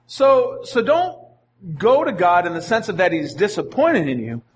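A man's voice: high voice, huge pitch swings, normal speed, husky. A male pastor preaching a sermon in an earnest manner, often repeating his phrases.

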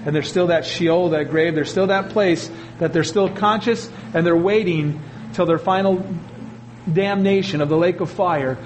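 A pastor preaching a sermon, animated, with his voice jumping up for emphasis and asides to the congregation. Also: high voice, moderate pace, slight background noise, poor audio.

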